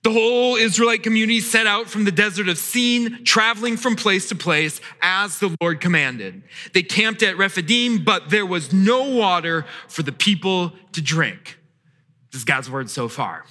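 Pastor with a high, sharp voice in a reverberant hall. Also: male voice, animated, normal speed. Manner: storytelling with acted quotes and sudden shifts in loudness. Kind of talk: sermon. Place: church sanctuary. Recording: long church hall reverb.

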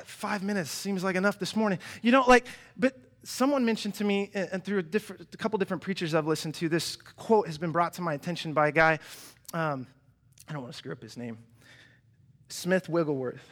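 A young man preaching a sermon in a church, animated and chatty, often restarting his sentences and acting out quoted voices. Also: high voice, fast talker. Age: young adult. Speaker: pastor. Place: church hall.

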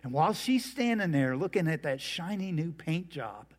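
Folksy preacher man, higher voice. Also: expressive, moderate pace. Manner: folksy storytelling with jokes. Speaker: pastor. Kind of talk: humorous sermon.

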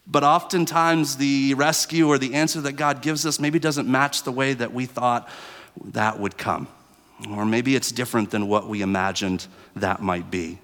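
A man preaching a sermon to a room of students, with a lively told story in it. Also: moderate pace. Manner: animated storytelling, rising high and loud in the story. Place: church hall with students present. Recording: long hall reverb.

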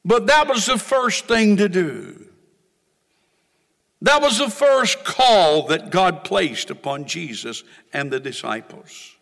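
High, animated, gravelly-voiced preacher. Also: male voice, big-room sound. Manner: dramatic preaching that swings from quiet asides to shouted exhortations. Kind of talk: sermon.

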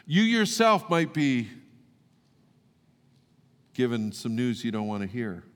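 A man pastor preaching and then leading an earnest, halting prayer to his congregation. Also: mid-range voice, sing-song, smooth. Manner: earnest, pleading prayer with repeated halting words. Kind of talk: sermon and closing prayer. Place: church sanctuary. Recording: long reverb of a church hall.

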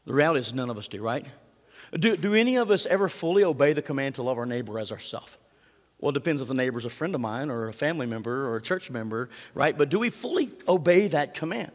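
A man's voice: mid-range voice, expressive, fast, long reverb tail. A male pastor preaching a sermon in a conversational way, often putting direct questions to the congregation.

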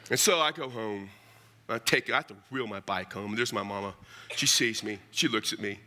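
A man's voice: lowish voice, normal speed, pushed and bright, slight background noise. A middle-aged man preaching a storytelling sermon, folksy and humorous, often calling his listeners "man".

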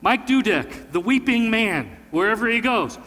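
A man's voice: high-pitched, lively intonation, normal speed, fairly bright tone, big-room sound. A man preaching as pastor in a church, opening with a prayer and then talking through a sermon in a folksy, conversational way, often asking the congregation questions. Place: church sanctuary.

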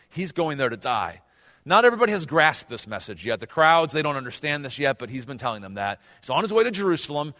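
A man's voice: on the high side, pushed and bright. A man preaching a conversational sermon as pastor, speaking directly to his congregation. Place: church hall with congregation. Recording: long hall reverb.

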